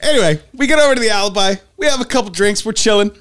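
A man with a very high, lively voice tells a story in loose podcast chat. He swears freely and slips into his friends' voices as he goes. His pitch swings widely. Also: very fast. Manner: profane, animated storyteller acting out friends' lines. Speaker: podcast co-host.

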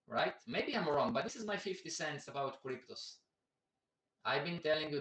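A man's voice: a little high, a little fast, fairly bright tone, roomy sound, distant mic, poor audio. A man hosting a casual live stream about investing, chatty and repetitive, who keeps calling out to everybody watching.

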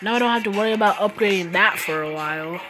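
A woman's voice: medium pitch, fast, over music. A woman giving casual commentary while playing a phone game, teasing her opponents playfully. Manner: playful trash-talk, laughs at opponents. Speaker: mobile game player. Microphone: phone screen recorder.

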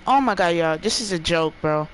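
A gaming streamer giving live commentary while playing, jumpy, often yelling and laughing and talking to the chat. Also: medium pitch, expressive, normal speed, slight background noise, rough recording.

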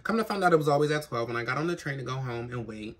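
With a bass voice, animated and very fast, a trans woman chats casually to the camera from her home in a big city. She's worn out after crying, and her talk is frank, rambling and full of swearing. Faint city noise hums in the background.

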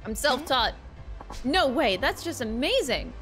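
A high-pitched woman with a bright, sharp voice streams a video game. She talks casually and excitably to her chat, reacting loudly to whatever happens on screen. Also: measured pace, faint music behind. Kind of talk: casual gameplay commentary.

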